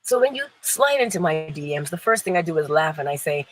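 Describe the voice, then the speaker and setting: A woman's voice: sits low, big pitch swings, fairly quick, few pauses, rough recording. A woman hosting an inspirational morning livestream, playful and emphatic, laughing often and answering viewers in the chat. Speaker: livestream host.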